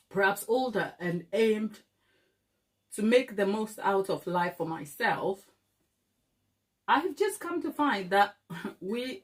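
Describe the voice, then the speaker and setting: A middle-aged woman from Africa, hosting a baking channel, who chats casually with viewers, laughs often and calls them darling. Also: on the low side. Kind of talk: casual livestream chat with viewers.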